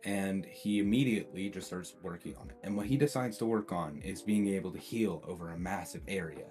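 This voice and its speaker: Deep-voiced man rambling casually. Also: brisk. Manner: loose and chatty, lots of fillers and restarts. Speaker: fan-theory video host. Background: faint guitar music.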